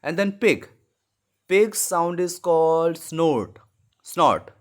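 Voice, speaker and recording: In a slow lesson for young children, an English teacher with a voice on the high side speaks slowly as he teaches animal sounds. He stays patient and keeps repeating the key words.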